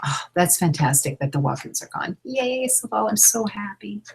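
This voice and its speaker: A woman's voice: medium pitch, big pitch swings, normal speed, creaky, husky, poor audio. A middle-aged woman teaching an online class, talking casually with many fillers and restarts. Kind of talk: casual teaching, reading out questions.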